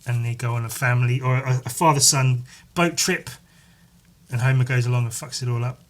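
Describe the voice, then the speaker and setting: A man hosting a solo podcast, rambling in casual chat, swearing freely and filling pauses with "like" and "um". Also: mid-range voice, steady tone. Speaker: podcast host.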